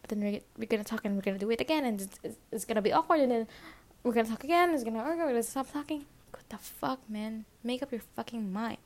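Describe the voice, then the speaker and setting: Young woman, fairly high voice, casual storytime, frequent swearing, fillers, slips into whispers. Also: fast, a little mellow.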